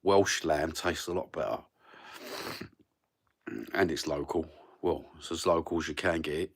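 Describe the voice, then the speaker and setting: A man's voice: rumbling low, fairly even intonation, unhurried, slightly rough. A middle-aged man with an East London accent, rambling through a casual livestream chat, sweary and matey with plenty of slang. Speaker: livestream host.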